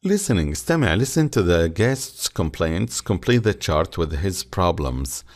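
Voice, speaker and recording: A man's voice: sits low, big pitch swings, moderate pace, darkish tone. A man whose first language is Arabic, teaching an English textbook and explaining each line. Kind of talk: bilingual textbook lesson.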